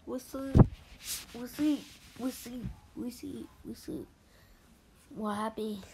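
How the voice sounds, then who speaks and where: Brief: female ASMR host, soft game playthrough, unhurried delivery, slightly high voice, hushed at times. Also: fairly even intonation, heavy background noise. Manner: soft-spoken, reads game chat aloud, with slips and drifts into whispers.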